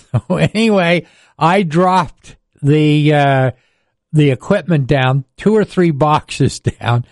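A man's voice: a little high, takes it slowly, no room sound, studio quality. Older man spinning yarns. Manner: rambling anecdotal storyteller, chuckles often. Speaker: radio sports broadcaster and host. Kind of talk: casual storytelling chat.

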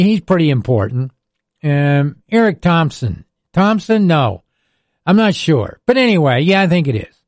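A man's voice: on the high side, a little mellow, no echo, clean studio sound. An older man, a radio sports broadcaster telling rambling stories in casual chat, chuckling often.

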